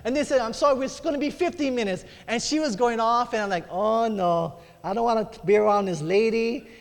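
A middle-aged man with an extremely high-pitched voice preaches a sermon at a fairly quick pace. He tells a personal story, acts out the voices of the people in it, and calls for amens from the congregation. A long hall reverb trails his words.

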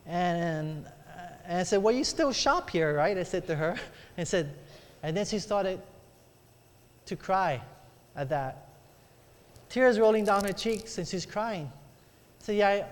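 A man's voice: sits high, slow pace, pauses often. A middle-aged man preaching a sermon, telling a personal story and acting out the voices in it, calling for amens from the congregation. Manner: storytelling, acts out quoted voices, calls for amens. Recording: long hall reverb.

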